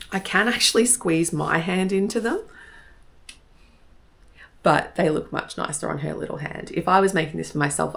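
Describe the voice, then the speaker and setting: A woman, hosting a podcast in a relaxed, chatty way with frequent self-corrections. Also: low voice, vocal fry. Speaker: podcast host. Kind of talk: casual chat.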